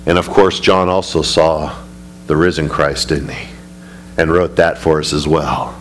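A male pastor teaching a Bible study, speaking emphatically and climbing high when he retells scripture. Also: steady tone, a little slow, a little hiss or hum. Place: church sanctuary.

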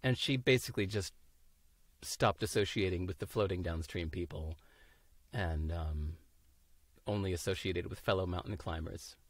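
A man talking as a podcast guest, animated, laughing often and acting out the voices of people he quotes. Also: deep voice, moderate pace, no room sound. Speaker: interview guest. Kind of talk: casual podcast conversation.

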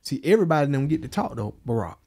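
A man's voice: fairly high pitch, big pitch swings, racing, darkish tone, slightly rough. A man in a casual podcast chat, prompting the other guest and summing up his story.

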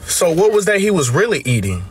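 Loud, animated man reacting with outrage. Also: high voice, a little fast, breathy edge, rough recording. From United States. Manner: loud, exaggerated outrage with repeated protests; slangy, playful talk. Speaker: reaction video creator. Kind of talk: comedic reaction commentary.

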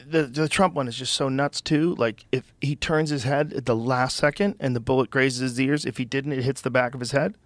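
Animated man riffing in disbelief, dry studio sound. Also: mid-range voice, brisk, hardly any pauses, dry recording. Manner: animated, profane, incredulous riffing. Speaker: podcast host. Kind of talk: casual podcast conversation.

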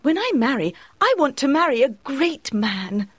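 A woman's voice: high-pitched, very animated, measured pace, no echo. A woman playing a proud young woman who wants to marry a hero. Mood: wistful.

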